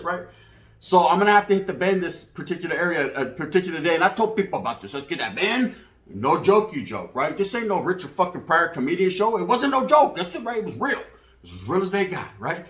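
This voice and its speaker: A man's voice: fairly high pitch, a bit bright. Streetwise man in a roomy echo. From California. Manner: streetwise, slangy, acts out other people's lines. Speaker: guest storyteller. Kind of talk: casual storytelling.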